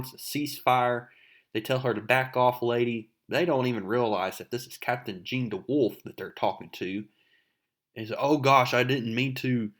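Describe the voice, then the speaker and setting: A man's voice: mid-range voice, a bit bright. A man chatting casually as he recaps a comic book and reads its dialogue aloud.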